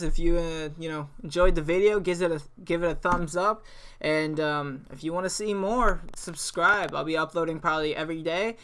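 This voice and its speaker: A man's voice: on the high side, pushed and bright, smooth. A young man hosting a gaming channel, telling a story over gameplay in a laid-back way, swearing freely and rambling with restarts.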